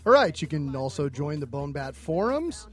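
A man co-hosting a casual comedy podcast, telling jokes and reading out show plugs, swinging from loud to low. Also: very animated, normal speed, soft background music. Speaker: podcast co-host.

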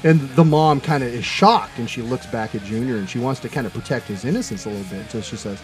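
A man's voice: medium pitch, fast, few pauses, faint music behind. A man co-hosting a podcast, joking crudely and laughing often. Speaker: podcast co-host. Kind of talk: casual crude banter.

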